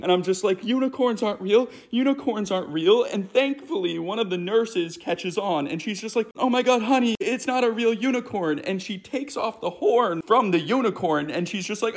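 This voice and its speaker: A man telling a dramatic story from his childhood in an animated storytime vlog. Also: high-pitched. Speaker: vlogger.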